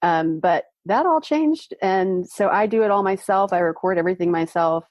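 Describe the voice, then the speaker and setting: Relaxed woman podcaster, dry sound. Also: medium pitch, moderate pace, no echo. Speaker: podcast host guest. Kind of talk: casual group chat.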